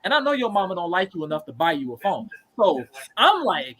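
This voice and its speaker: A man's voice: high voice, big pitch swings, a little fast, a bit bright, breathy edge, low-quality recording. A man in his thirties telling a story in casual, profane chat as a podcast co-host. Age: 30s.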